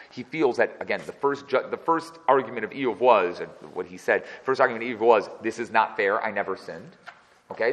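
A man's voice: medium pitch, fairly bright tone, big-room sound, low-quality recording. A man teaching a text study class as its teacher. He reads verses and then translates and explains each one. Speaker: Torah teacher.

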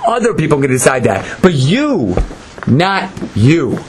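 A man giving an animated Torah lecture, dramatic and acting out the voices of the people in his story. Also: unhurried, noisy background. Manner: dramatic, acts out voices, swings between high and low. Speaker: Torah teacher.

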